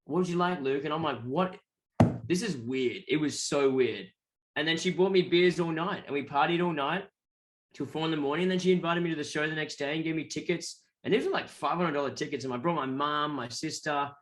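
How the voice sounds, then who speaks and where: Aussie guy telling a wild story, lively, a bit high-pitched, swears a lot. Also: quick pace. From Australia. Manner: animated, acts out other people's voices; swears casually. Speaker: guest musician. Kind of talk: casual storytelling.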